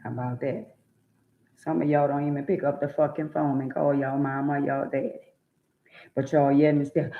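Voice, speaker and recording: A woman with a low voice and fairly even intonation talks at a normal speed while lecturing her live-stream viewers. The rant is preachy, blunt, and profane, with repeated words for emphasis, and the audio is echoey, dull, and lo-fi.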